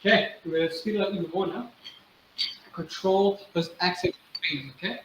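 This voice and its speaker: A man's voice: high voice, moderate pace, very noisy. A male drumming instructor demonstrating exercises, counting aloud and chanting rhythms with patient encouragement. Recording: echoey room with loud drumming. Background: loud drum playing.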